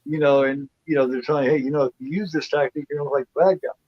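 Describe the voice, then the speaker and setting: A man's voice: on the high side, steady tone, racing, no room sound. A man co-hosting a casual film review livestream, retelling scenes in a rambling way with many fillers and restarts. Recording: dull lo-fi dry sound.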